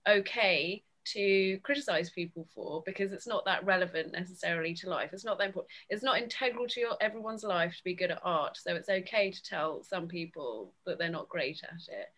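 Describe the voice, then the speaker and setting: A woman with a lowish yet bright, forward voice speaks in a relaxed chat. She shares her view in a reflective, measured way drawn from teaching. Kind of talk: casual conversation.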